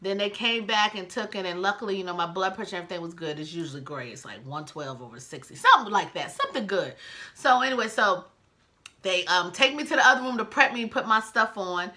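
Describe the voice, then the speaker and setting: A woman's voice: medium pitch, animated, fast talker, bright, forceful tone. A woman in her twenties telling an emotional personal story to her viewers in a chatty, casual vlog. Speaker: vlogger.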